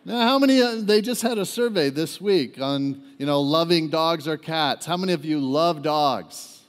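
A man's voice: fairly high pitch, moderate pace, hardly any pauses. A man preaching a sermon to a church congregation, joking with the crowd and asking them to respond. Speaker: guest preacher. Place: church sanctuary. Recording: echoey church hall reverb.

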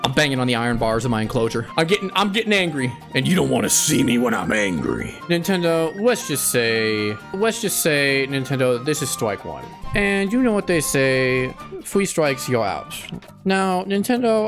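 A man hosts a live game stream in a loose, jokey way, with a voice that bounces all over its range. He slides from mock threats into laughter. Soft music plays underneath. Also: medium pitch, big pitch swings, normal speed. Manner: playful, goofy, bursts of laughter. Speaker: gaming streamer.

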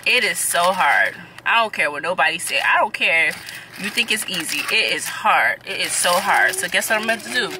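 A woman's voice: medium pitch, pushed and bright, a little hiss or hum, poor audio. A woman, a mother of two chatting casually and exasperatedly to her vlog viewers. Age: 20s. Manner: talkative and exasperated, venting to viewers. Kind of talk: casual vlog chat to camera.

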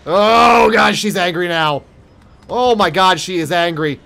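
A young man giving let's play commentary on a horror game, jumpy and profane, yelling at monsters and taunting them. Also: sits high, slow, creaky. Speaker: gaming streamer.

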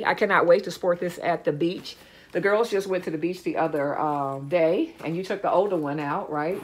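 A woman's voice: on the low side, fairly bright tone. A woman chatting casually to camera at home, gushing over a haul and repeating words for emphasis. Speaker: vlogger showing a dumpster-diving haul. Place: home, indoors.

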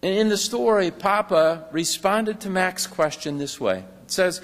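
Slow-preaching pastor in a reverberant hall. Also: male voice, high voice, fairly bright tone. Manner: slow, earnest preaching that reads aloud from a book. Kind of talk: sermon.

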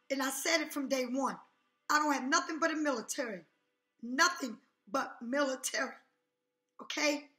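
A woman with a bright, high voice gives an emphatic tarot reading. She keeps repeating phrases and checking in with her listener. Her voice rings in an echoey room with soft music under it. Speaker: tarot reader. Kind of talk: casual tarot reading to camera.

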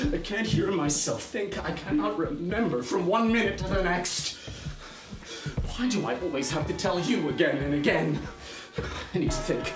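A man performing a theatrical monologue on a small stage, scolding and nagging in a stream of stock phrases. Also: sits high. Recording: roomy recording with loud music.

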